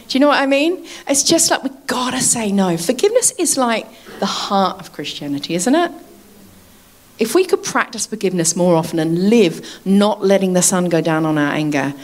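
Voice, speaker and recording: A woman preaching a sermon in a chatty way, laughing often and asking her listeners to agree. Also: medium pitch.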